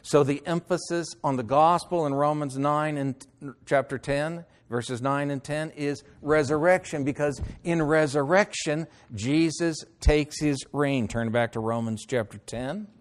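A man preaching a sermon, reading scripture slowly and deliberately and then explaining it in plain talk, now and then clearing his throat. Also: a little high. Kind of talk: sermon, Bible teaching.

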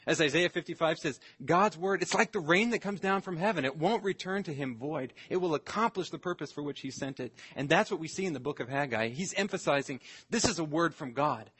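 A man, a pastor, preaching an earnest expository sermon, slowing down to stress scripture phrases. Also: a little high, a bit bright, breathy edge.

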